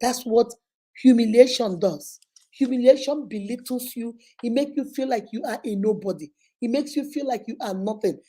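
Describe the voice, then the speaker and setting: A woman's voice: a little high, normal speed, mellow. A woman with a Nigerian accent giving emphatic, repetitive relationship advice to her viewers. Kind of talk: motivational talk to viewers.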